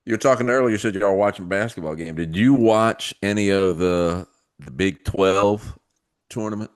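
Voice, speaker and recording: A man co-hosting a podcast, chiming in with relaxed asides and quick comments. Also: on the low side. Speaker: podcast co-host. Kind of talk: casual chat.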